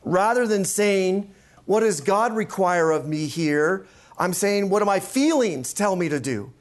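A man's voice: high-pitched, expressive, a little slow. A man, a pastor and counseling instructor, giving an emphatic teaching lecture and often checking in with "right?". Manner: emphatic, repeats key points, asks "right?".

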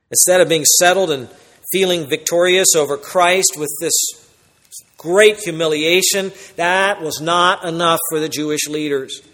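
A man preaching an expository sermon, emphatic, swinging between loud exclamations and quiet, solemn asides. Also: fairly high pitch, in a large hall.

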